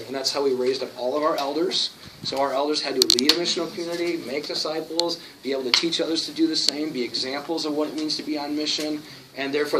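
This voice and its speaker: A man telling stories from his work as a church planter at a conference talk, animated and acting out the people he quotes. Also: medium pitch. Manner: storytelling, animated, acts out quotes. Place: conference room. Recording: distant mic with noticeable hiss.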